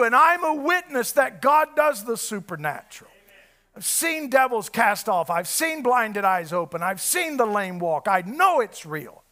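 A man preaching a sermon, fervent, often shouting and then dropping low. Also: very animated, measured pace.

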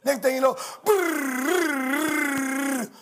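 A man preaching a sermon, shouting and acting out quoted voices with call-and-response. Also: very high voice, moderate pace, breathy edge.

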